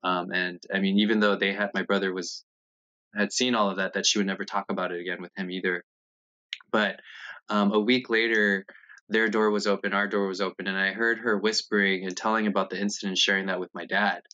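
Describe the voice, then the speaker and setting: A man in his thirties tells his life story in an interview, candid and a little halting, his voice sitting fairly low yet bright and forceful. He grows animated whenever he acts out a remembered scene. The sound is dull and lo-fi. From United States.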